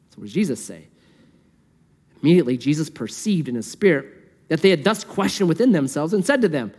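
A man preaching a sermon in a conversational, lively way, asking the listeners rhetorical questions. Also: sits high, a little fast, slightly rough, long reverb tail. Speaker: pastor.

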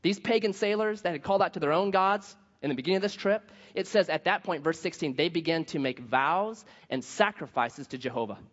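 A man preaching a sermon, telling a story in a lively way and acting out the voices of the people in it. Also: fairly high pitch, brisk, few pauses. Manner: animated storytelling, acts out quoted voices. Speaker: pastor. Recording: dull sound with long hall reverb.

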